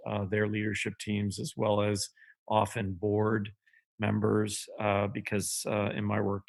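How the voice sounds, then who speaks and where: Middle-aged Canadian man, gravelly voice, measured interview guest. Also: lowish voice. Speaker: guest, business strategist. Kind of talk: podcast interview.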